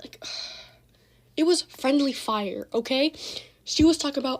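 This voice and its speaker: A teenage girl telling a casual storytime with lots of slang and cursing, animated as she retells the drama. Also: a little high, normal speed. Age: teens.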